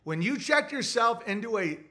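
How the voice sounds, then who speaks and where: Bright high-pitched guy on a stream, blunt and crude, just lecturing people. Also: sing-song, moderate pace. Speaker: livestream host. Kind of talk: ranting livestream monologue.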